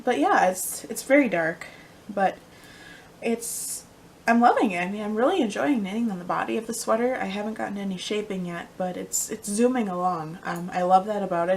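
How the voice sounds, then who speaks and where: A woman's voice: medium pitch, a little hiss or hum, rough recording. Chatty woman rambling about knitting. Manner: rambling, chatty, many ums, trails off into quiet asides. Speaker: podcast host. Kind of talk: casual knitting podcast chat.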